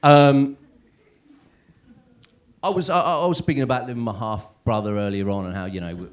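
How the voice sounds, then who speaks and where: A man's voice: mid-range voice, steady tone, fairly quick. A man in his thirties doing a stand-up comedy set in a comedy club, rambling and self-deprecating, checking in with the crowd constantly. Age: 30s. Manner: rambling, self-deprecating, lots of "right?" and "yeah?".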